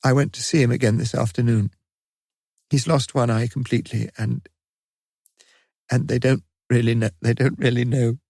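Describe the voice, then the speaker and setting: A man's voice: mid-range voice, level tone, normal speed, creaky, pauses often, dark tone, dry recording, clean studio sound, pitched above the performer's own voice. A man voicing a distraught middle-aged widowed mother with a quavering, tearful voice. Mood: tearful despair. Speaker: audiobook narrator.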